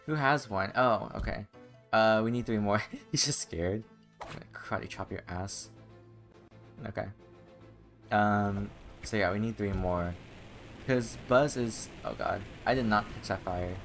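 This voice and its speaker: Gravelly young man swearing at a game. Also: lowish voice, unhurried, pauses often, a bit bright. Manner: frustrated, swearing, self-mocking. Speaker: gaming channel host. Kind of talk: casual let's-play commentary. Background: game music.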